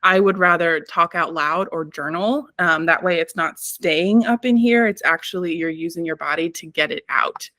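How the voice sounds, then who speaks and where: A woman's voice: lowish voice, normal speed, few pauses, a bit bright, dry recording. Female wellness guest, reflective and casual, dry recording. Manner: reflective, frequent "um" fillers, laughs between points. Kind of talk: casual interview talk.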